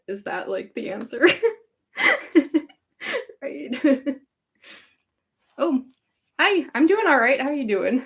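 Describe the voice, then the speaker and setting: A young Chicago woman with a California-sounding accent hosts a live Q&A as a fanfic author, using a high, sing-song voice with a fairly bright tone. She talks slowly with long pauses, and the casual livestream chat rambles along, giggly and valley-girl, packed with likes and ums.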